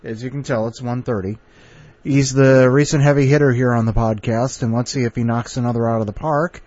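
A man's voice: mid-range voice, fairly even intonation, a little fast, darkish tone, no echo, muffled recording. A man hosting a podcast, chatty, laughing often and stumbling over fillers as he introduces contributors. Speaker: podcast host.

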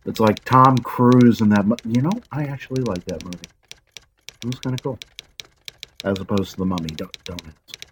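Very deep-voiced woman rambling casually. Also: a little hiss or hum, low-quality recording. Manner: self-deprecating, wandering, frequent asides; blunt, occasionally swears. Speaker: channel host.

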